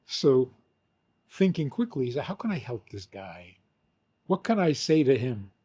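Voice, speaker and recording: An older man, a rabbi, teaching with an animated story, acting out the quotes and laughing often. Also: medium pitch, unhurried, breathy edge.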